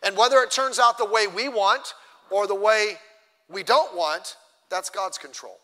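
A man preaching a sermon as pastor, emphatic, swinging between loud and soft. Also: high-pitched, a little slow. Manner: emphatic preaching, rising and dropping in loudness. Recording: long hall reverb.

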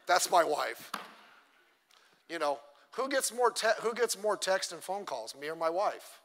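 A man's voice: sits high, big pitch swings, measured pace, gravelly, a bit bright, a little hiss or hum. A middle-aged man, a pastor, teaching a church class in a chatty, self-deprecating way and acting out little quotes. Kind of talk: conversational sermon teaching. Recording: long church hall reverb.

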